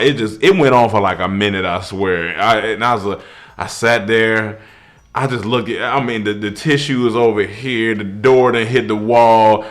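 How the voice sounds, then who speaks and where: Young male storyteller, casual and animated, with bursts of laughter and high shouting. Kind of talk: comedic story.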